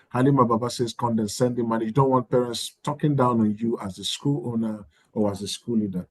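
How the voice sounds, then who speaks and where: A man's voice: mid-range voice, darkish tone, no room sound. A man leading an online training session, talking in a conversational way and acting out sample exchanges with parents. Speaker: course facilitator.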